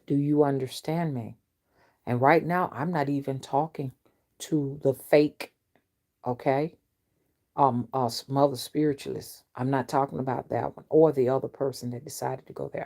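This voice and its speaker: A woman root worker speaking straight to her viewers in a stern, confrontational monologue that drops into low, menacing whispers. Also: steady tone, normal speed, gravelly, mellow. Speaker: spiritual reader and root worker.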